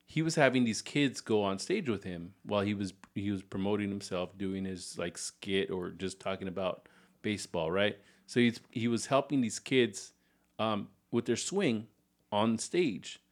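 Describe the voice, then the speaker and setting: A man on a casual podcast telling a local history story, stringing it along in a relaxed, rambling way. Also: lowish voice, moderate pace. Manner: relaxed, rambling retelling with restarts and "so". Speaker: podcast co-host.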